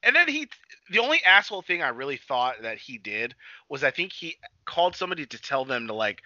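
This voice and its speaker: Male podcast co-host, loose and profane, very bright tone, dull lo-fi sound. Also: on the high side, a little fast, no echo. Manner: animated, swearing, acts out quotes. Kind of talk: casual movie chat.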